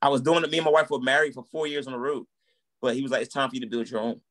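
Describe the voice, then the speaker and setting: A man in his thirties from the United States, with a mid-range voice and a racing pace, tells his story as a guest in a casual interview. He's a musician and minister, and he's animated, acting out quoted dialogue as he goes.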